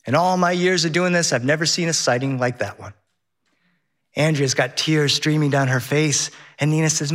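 A man telling a personal story on stage to a live audience, animated and lively. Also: fairly high pitch, moderate pace. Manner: animated, shifts into voices of his child and the captain. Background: audience laughter.

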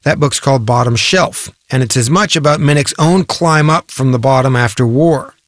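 A man reads a news feature in a steady, measured voice. The sound is close and dry, with no room around it. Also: mid-range voice, no room sound. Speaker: radio reporter. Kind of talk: scripted news report.

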